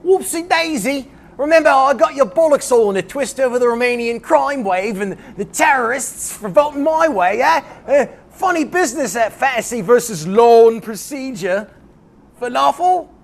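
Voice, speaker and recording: A man's voice: extremely high pitch, expressive, normal speed, vocal fry, voice pushed up, full character voice. A man putting on a mocking, exaggerated Cockney accent to play a gloating British male politician. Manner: gloating, mocking, mock-English exclamations.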